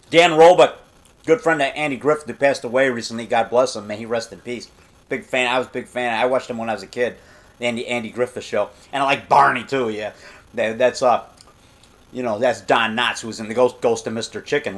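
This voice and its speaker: A middle-aged man rambling through a casual vlog monologue, often repeating himself and boasting about himself. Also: mid-range voice. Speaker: vlogger.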